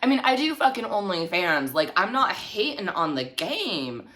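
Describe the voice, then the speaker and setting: A woman's voice: mid-range voice, sing-song, normal speed, pushed and bright. A woman telling a storytime vlog in a snarky, heavily profane way. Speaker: vlogger.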